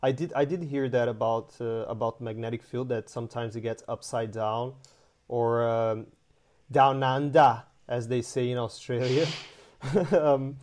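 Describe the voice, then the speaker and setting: A man's voice: medium pitch, fairly even intonation, normal speed, a little mellow. A man hosting an interview who asks questions in a hesitant way, with lots of ums. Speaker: host.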